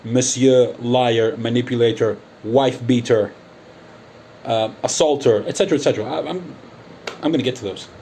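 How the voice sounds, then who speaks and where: A man hosting his own channel, launching into a combative callout with a taunting, emphatic edge. He stretches out key words for drama, his voice sitting at a middling pitch, and there is a faint hum behind him. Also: brisk, pauses often, mellow. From United Kingdom. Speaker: channel host. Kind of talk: angry callout monologue. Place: Athens, Greece.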